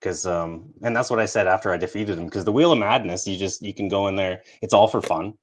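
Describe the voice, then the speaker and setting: A man's voice: low voice, fairly quick. A Canadian man hosting a casual stream chat, laughing often and swearing freely. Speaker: streamer host.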